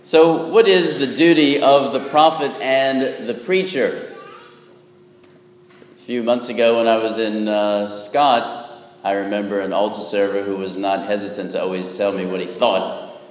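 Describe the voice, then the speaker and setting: A Catholic priest gives a homily in a church with long, echoing reverb. His voice is fairly low with fairly even intonation and a measured pace, and his folksy, humorous style keeps checking in with "right?"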